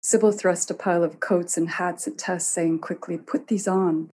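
A woman narrating a fantasy tale in a measured storytelling manner. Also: lowish voice, steady tone, darkish tone, slight background noise.

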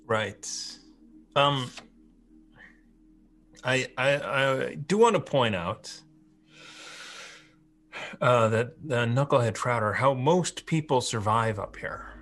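Brief: male tabletop player, slow and hesitant, measured in-character points. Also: mid-range voice, lively intonation, a bit bright, soft background music. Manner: hesitant, measured, many fillers. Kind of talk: playing a tabletop game.

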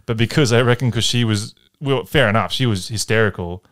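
A man's voice: lowish voice, a little fast, a bit bright. A man, co-hosting a podcast, telling a grim story in a rambling, jokey way. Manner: rambling, jokey retelling with acted quotes. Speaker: podcast co-host. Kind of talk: casual chat, storytelling.

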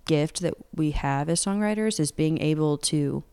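A woman's voice: sits low, moderate pace, mellow, smooth. A woman in her twenties, a singer-songwriter from Atlanta, chatting casually in an interview, rambling with lots of fillers. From Atlanta, United States. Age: 20s.

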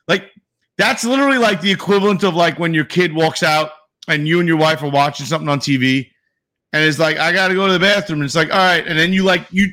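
Bright-voiced man ranting about sports. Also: on the high side. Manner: profane, ranting, jokey. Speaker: podcast co-host. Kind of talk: casual sports chat.

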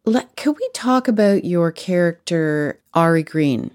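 A woman's voice: lowish voice, animated, a little slow, a little mellow. A woman interviewing an author, engaged and affirming, with admiring comments and questions.

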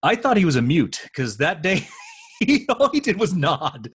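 A man's voice: on the high side, a little slow, breathy edge, no room sound. A man co-hosting a podcast, telling backstage stories in casual chat and acting out the lines he quotes. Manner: animated storyteller, acts out quoted lines. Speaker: podcast co-host.

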